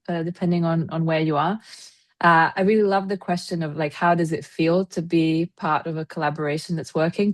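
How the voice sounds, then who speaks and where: A woman with a notably low voice introduces herself on a panel over a video call. She speaks with frequent fillers and hesitations. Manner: warm, many fillers and hesitations. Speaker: head of a global practice at a development organization, panel guest. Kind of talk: casual panel conversation.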